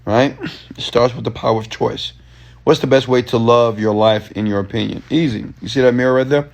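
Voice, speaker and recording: A man's voice: medium pitch, steady tone, brisk. A man giving a motivational rant in loose, slangy talk, pressing his audience with repeated commands. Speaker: entrepreneur and motivational speaker.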